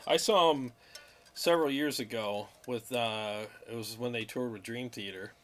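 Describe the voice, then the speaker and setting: A man co-hosting a casual chat about music, relaxed and rambling, who gets animated when telling stories. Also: mid-range voice, normal speed. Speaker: co-host.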